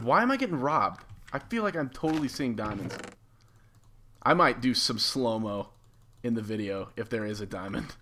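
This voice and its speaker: A man talks through his gameplay for his channel in a bright, sharp voice that swings up and down constantly. He is excitable and loose, laughing often and tossing out the odd swear. Faint keyboard clicks sit under his voice. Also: medium pitch, slight background noise. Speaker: YouTube gamer. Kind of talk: live gameplay commentary.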